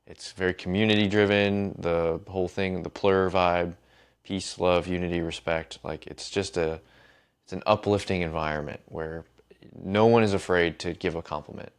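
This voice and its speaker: A podcast host with a low-pitched, clean-toned voice talks casually at a moderate pace. He tells stories with relaxed energy and swears freely.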